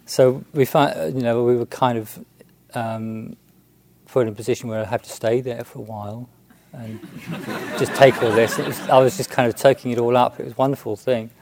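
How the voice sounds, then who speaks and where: A man, a Buddhist monk, telling a story in a halting, unhurried way with many restarts and fillers. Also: mid-range voice, steady tone, darkish tone, a little hiss or hum. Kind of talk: storytelling talk.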